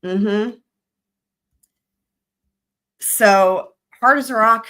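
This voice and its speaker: A woman's voice: lowish voice, lively intonation, moderate pace, sharp tone. A woman hosting a casual livestream, reading court filings aloud and joking, often breaking into giggles. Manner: giggly, jokey, trails off into laughter. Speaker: livestream host.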